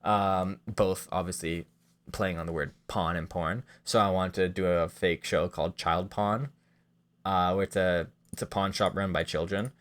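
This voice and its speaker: A man casually pitching comedy sketch ideas in a rambling, self-deprecating way, full of fillers. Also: steady tone, a little slow. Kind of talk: casual monologue.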